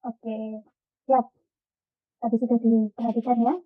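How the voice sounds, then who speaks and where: Woman lecturer, Indonesian accent, fairly high voice, dry and phone-thin call audio. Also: little pitch movement, normal speed, no echo. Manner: explanatory, many fillers and restarts. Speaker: university lecturer. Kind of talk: online lecture mixing Indonesian and English. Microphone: video call. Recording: tinny, phone-like video call.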